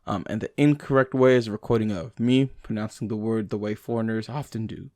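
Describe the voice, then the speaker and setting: A man, a native English speaker, reading language lesson notes aloud to himself, slowing down over examples. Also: on the low side, steady tone, mellow, no room sound, studio quality. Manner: reads text aloud with fillers and restarts, slow over examples.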